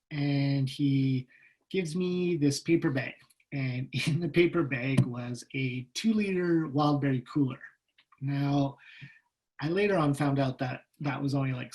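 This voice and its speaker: Animated man telling his own story. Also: on the high side. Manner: animated, acts out quoted voices. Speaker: guest speaker. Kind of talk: personal storytelling talk. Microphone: video call.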